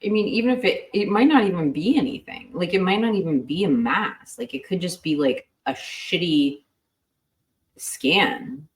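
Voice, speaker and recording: A woman's voice: on the low side, animated, moderate pace. A tired woman co-hosting a late-night livestream, chatting in a rambling, supportive way. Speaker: livestream co-host. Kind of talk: casual livestream chat.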